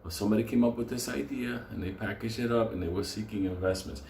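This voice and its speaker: A man's voice: fairly low pitch, quick pace, vocal fry, a little mellow. A man hosting a stock market show, delivering a profane, fired-up unscripted rant and breaking into laughter. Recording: roomy echo with faint noise.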